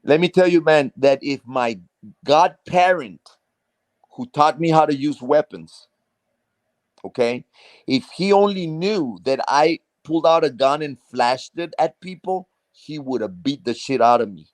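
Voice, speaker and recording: A man's voice: on the high side, animated, measured pace, dry recording. A man from South Texas, ranting on a live stream with heavy profanity, restarting phrases and hammering each point. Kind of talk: heated casual rant.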